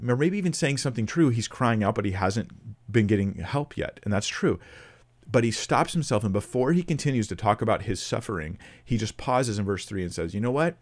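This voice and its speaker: Guy with a lowish voice doing a casual bible talk, lots of ums and restarts. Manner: conversational, thinking aloud with fillers and restarts; reads scripture with rising emphasis. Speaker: preacher. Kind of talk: informal Bible teaching.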